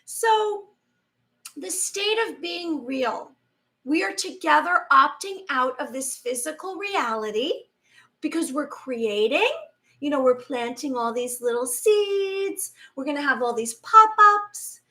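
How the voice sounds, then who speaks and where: A woman's voice: sits high, lively intonation, slow pace, bright, forceful tone. A woman in her forties hosting a spiritual talk, speaking in a casual, rambling way, with restarts and quoted asides. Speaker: spiritual channel host. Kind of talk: casual monologue.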